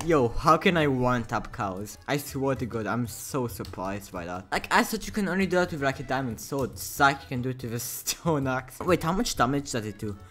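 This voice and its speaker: Man, gaming commentary, excitable, slangy, bright tense voice, wide pitch swings. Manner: excitable, yelps and laughs, casual slang. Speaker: gaming YouTuber. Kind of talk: Minecraft gameplay commentary.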